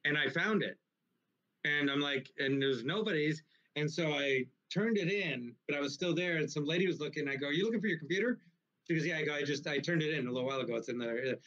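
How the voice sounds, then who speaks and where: Brief: male comedian guest, high-ish bright voice, rambling and profane, on a muffled lo-fi recording. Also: fast. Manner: rambling, profane, animated anecdotes. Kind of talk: casual storytelling in a live interview.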